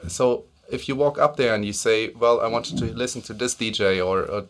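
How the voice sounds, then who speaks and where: A man from Germany, a podcast guest speaking casually and at length, pausing on many fillers. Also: mid-range voice. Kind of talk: casual conversation.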